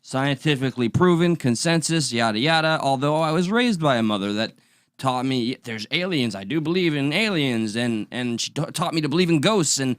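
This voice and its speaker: A man co-hosts a podcast, chatting casually and wryly, sometimes restarting his sentences hesitantly. His medium-pitched voice has lively intonation and a moderate pace, captured dry in clean studio sound.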